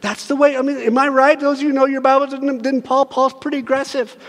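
A man with a notably high voice preaches from a church sanctuary, his words trailing into a long reverberant hall. He talks to the congregation casually and with humour, dropping to quiet asides and rising to loud, urgent pleading. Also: flat delivery, fast. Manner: conversational and joking, swings from soft to loud pleading. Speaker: pastor. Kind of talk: sermon.

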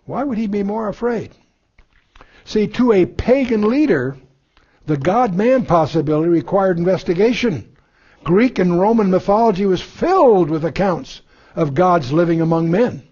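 A man's voice: sits high, animated, normal speed, a little mellow, muffled recording. A man giving a verse-by-verse Bible lesson, reading scripture aloud and then explaining it, with many fillers and restarts. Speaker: Bible teacher.

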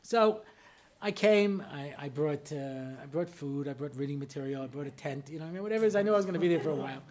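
A middle-aged American rabbi with a high-leaning, darkish voice gives a humorous lecture at a quick pace. He tells anecdotes chattily, constantly slipping in "you know" asides.

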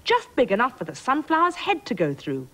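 A woman's voice: fairly high pitch, huge pitch swings, brisk, a bit bright, voice pushed up, heavily acted, rough recording. A woman voicing a pompous, stubborn storybook king who blusters and splutters.

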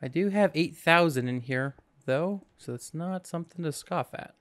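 A man's voice: fairly high pitch, normal speed, dry recording. A man hosting a casual let's-play, talking through his game in a goofy, rambling way with jokes to himself, sleepy and yawning. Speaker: gaming channel host.

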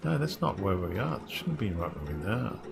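A man's voice: on the low side, very animated, fairly quick. A man thinking aloud in casual, rambling commentary as he plays a game. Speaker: gamer streaming his play. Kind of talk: casual let's-play commentary. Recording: clear guitar music behind the voice.

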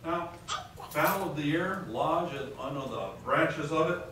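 High-voiced preacher in an echoey hall. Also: male voice, lively intonation, takes it slowly, a bit bright. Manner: reads scripture aloud and quizzes the congregation. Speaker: pastor. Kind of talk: sermon. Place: large conference hall. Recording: echoey hall, distant mic, faint noise.

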